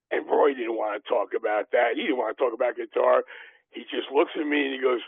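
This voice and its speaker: An older man telling rambling stories as a podcast host, halting with many fillers and restarts, heard over a tinny, dry, phone-like line. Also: mid-range voice, fairly even intonation, creaky, breathy edge, no room sound. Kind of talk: anecdotal interview storytelling.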